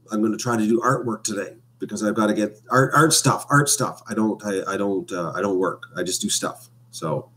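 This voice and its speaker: A man chats on a home live stream over a webcam mic. His voice sits somewhat low, and he rambles, trailing off into fillers as he talks. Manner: rambling, hesitant with many fillers. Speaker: vlogger. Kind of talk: casual live stream chat.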